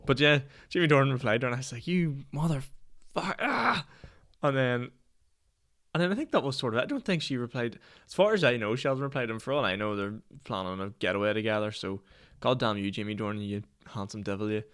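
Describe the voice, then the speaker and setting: A man's voice: medium pitch, animated, fast talker, a bit bright. A Northern Irish man in his twenties hosting a solo podcast, telling rambling, self-mocking stories with plenty of swearing and laughter. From Northern Ireland. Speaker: podcast host. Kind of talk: solo casual podcast chat.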